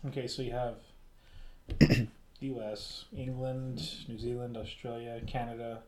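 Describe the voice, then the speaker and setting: A man's voice: mid-range voice, little pitch movement, a little slow, crowd noise. A man chatting casually among friends, rambling and swearing freely, laughing often. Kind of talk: casual chat.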